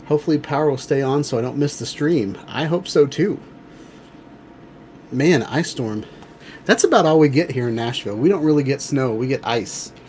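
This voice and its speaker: A man's voice: medium pitch, animated, moderate pace, a little mellow, slight background noise. A man hosting a casual livestream show, chatty and rambling with lots of fillers. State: out of breath. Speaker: livestream host.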